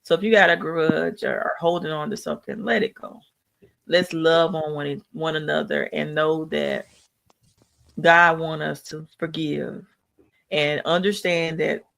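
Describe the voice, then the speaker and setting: With a deep, creaky voice that still carries a fairly bright tone, a podcast host gives a live tribute talk. She sounds earnest and encouraging, with a preacherly quality.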